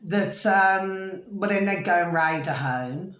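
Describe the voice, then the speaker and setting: A middle-aged British woman vlogger rambles casually to camera, chatting away and often checking her viewers follow, with repeated "do you see what I mean?" and "ding ding". Her voice is fairly low and fairly bright, her pace slow, and the room echoes.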